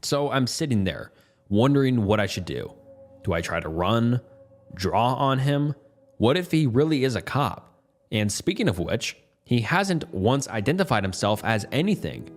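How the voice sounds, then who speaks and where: Low-voiced guy telling a creepy story first-person, faint music under it. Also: expressive, moderate pace. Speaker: story narrator.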